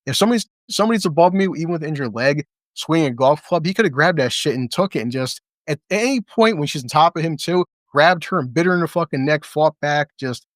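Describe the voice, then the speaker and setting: A man's voice: fairly high pitch, lively intonation, fast, no room sound, clean studio sound. A man casually reviewing a TV episode, blunt and swearing a lot as he talks through the scenes. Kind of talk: casual profane reaction commentary.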